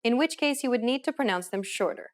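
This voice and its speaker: A woman teacher giving a scripted language lesson with clear, measured explanations. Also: a little high, expressive.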